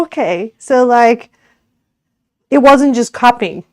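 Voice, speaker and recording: A woman's voice: high-pitched, animated, slow, long pauses, no room sound, clean studio sound. An Australian woman streamer chatting casually with her viewers while cooking, giggly and rambling, often correcting herself.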